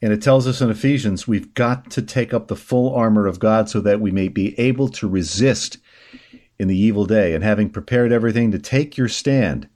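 A man's voice: lowish voice, moderate pace, a little mellow. Sarcastic man reading news commentary. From upstate New York. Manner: sarcastic, indignant asides while reading news items. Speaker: talk show host.

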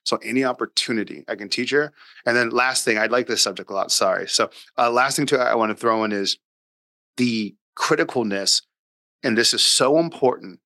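Blunt, bright-voiced man on a podcast. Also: mid-range voice, fairly quick, no room sound. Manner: emphatic, acts out dialogue with his daughter; blunt, occasional swearing. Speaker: podcast guest, father. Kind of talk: casual interview talk.

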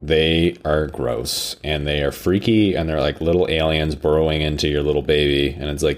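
A man's voice: a bass voice, fairly quick. A man in casual chat, bantering with crude jokes.

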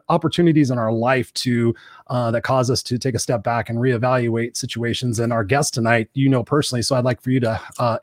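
Man, fast pace, joking co-host, reads viewer comments, dry close mic. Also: medium pitch, darkish tone, no room sound. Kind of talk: casual livestream chat.

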